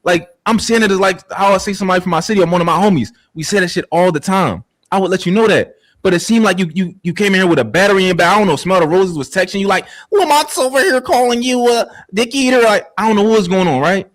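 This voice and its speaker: A man's voice: high voice, quick pace, few pauses, fairly bright tone. A man arguing heatedly on a podcast panel, insistent and repeating himself to hold the floor.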